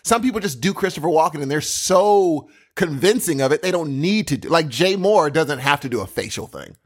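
Animated, rambling male podcast co-host. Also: on the high side, fairly quick. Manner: animated, rambling, acts out quotes. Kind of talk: casual chat.

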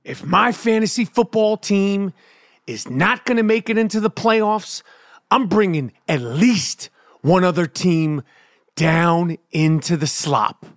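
A man's voice: sits high, slow pace, no echo, studio quality. A man hosting a podcast, telling a rambling, profane, comedic story in casual chat. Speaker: podcast host.

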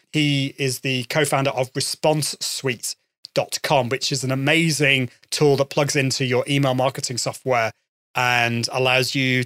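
A man's voice: medium pitch, sharp tone, dry recording, clean studio sound. A man hosting his own podcast, chatting enthusiastically and often repeating himself as he talks to listeners. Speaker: podcast host. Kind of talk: solo podcast talk with sponsor read.

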